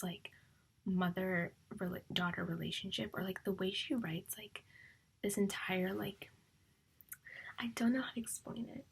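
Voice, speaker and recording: Husky young woman whispering and rambling. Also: medium pitch. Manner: rambling, emotional, often whispering; filler-heavy, repeats "like". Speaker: book vlogger. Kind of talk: casual reading vlog chat.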